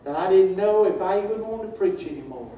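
An older man, a pastor preaching a sermon with impassioned, sing-song delivery that rises into shouts. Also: high voice, expressive, fairly quick. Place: church sanctuary. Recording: very echoey church, far from mic, faint hiss.

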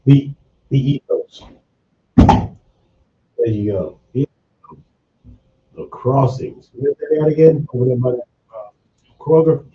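A man hosting a morning radio show, chatting casually with co-hosts, laid-back and quick to laugh. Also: medium pitch, echoey room. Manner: laid-back, laughs often, muses aloud. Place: radio studio. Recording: slightly muffled studio mic with faint background hiss.

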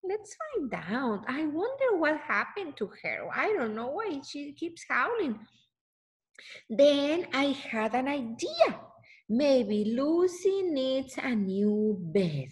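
Animated, high-voiced woman reading to kids. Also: slow pace. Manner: animated, exclaiming, asks the listener questions. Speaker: storyteller reading a picture book aloud. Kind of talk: children's read-aloud with questions to listeners.

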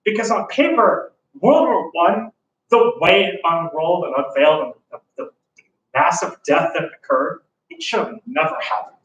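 High-voiced chatty teacher in an echoey room. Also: male voice, normal speed, fairly bright tone, far from the mic, muffled recording, slight background noise. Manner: chatty and enthusiastic, joking, many fillers. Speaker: history teacher. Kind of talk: casual classroom lecture.

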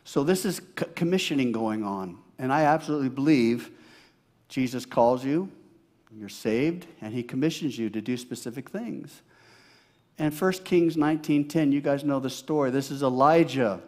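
Animated preaching man with dramatic swings. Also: medium pitch, normal speed. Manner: dramatic, swings from loud emphasis to hushed asides. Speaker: pastor. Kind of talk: sermon.

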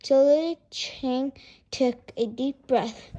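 High-voiced woman reading a children's story. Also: slow pace. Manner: expressive, lilting. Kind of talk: children's storybook read-aloud.

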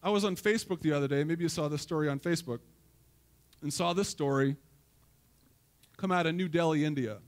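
Man, high-pitched voice, pastor preaching, chatty and joking, quizzes the congregation. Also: fairly quick, long pauses. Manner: conversational, joking storyteller who asks the congregation questions. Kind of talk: sermon.

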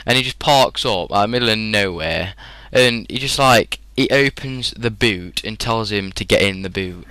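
A man's voice: lowish voice, moderate pace, few pauses, pushed and bright, clean tone, no room sound, poor audio. A young man in his teens with a British English accent, chatting rambly and casually as a gaming commentator, full of fillers. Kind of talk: casual storytelling over gameplay.

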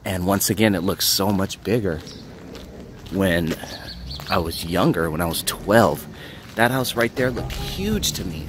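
A man talking casually as he walks and films, reminiscing and sometimes dropping to a hush. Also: deep voice, expressive, measured pace, noisy background. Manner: reminiscing, hushed at times. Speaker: vlogger. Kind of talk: casual walking vlog.

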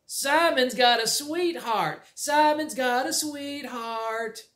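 A man's voice: very high voice, takes it slowly, a bit bright, pitched above the performer's own voice, exaggerated voice. A man doing a whiny, taunting farm boy. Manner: whining, singsong taunting. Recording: roomy echo.

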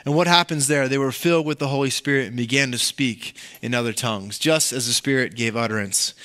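A man preaching a conversational, animated sermon as pastor of a church, with frequent asides to the congregation. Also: medium pitch, fairly quick.

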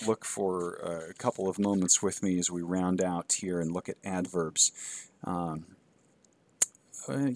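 A man teaching a Greek course in a recorded lecture, measured and halting with fillers, reading Greek aloud and then translating it. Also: on the low side, dry recording. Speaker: Greek instructor.

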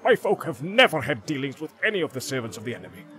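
A man's voice: medium pitch, very animated, fast, voice pushed up. Man voicing a stubborn, defiant dwarf warrior. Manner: gruff, defiant, forceful delivery. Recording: background music.

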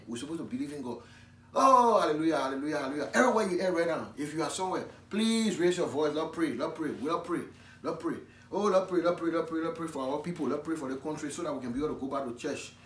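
A brash, pleading Liberian pastor, as a man puts him on begs for offerings and chants his refrains again and again in a Liberian English accent. His raised voice sits high and rings around a roomy space, heard from some distance. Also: natural voice. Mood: exhorting. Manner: exclaiming, repetitive, chanting refrains. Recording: echoey room from a distance.

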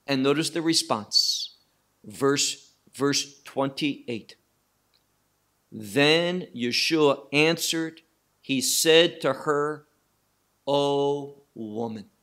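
A man teaching verse by verse through a Bible passage, slow and emphatic, asking and answering his own questions. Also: a little high, pushed and bright.

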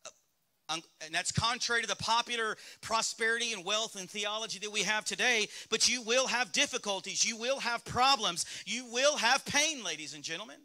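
Bright-voiced Southern pastor preaching. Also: male voice, high-pitched, fairly quick. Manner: candid, conversational preaching with rhetorical questions to the congregation. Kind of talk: sermon. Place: church sanctuary.

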